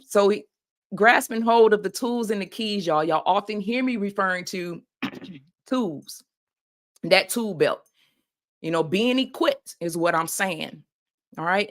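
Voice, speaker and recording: A woman's voice: lowish voice, fairly bright tone. A woman hosting a faith-based motivational podcast, talking in a preacherly call-and-response way and often calling out "y'all". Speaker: podcast host and life coach.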